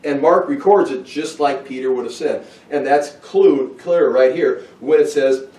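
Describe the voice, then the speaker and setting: A man's voice: medium pitch, measured pace, warm tone. A man teaching a Bible study who thinks aloud with restarts and asides. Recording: roomy, from far off the mic.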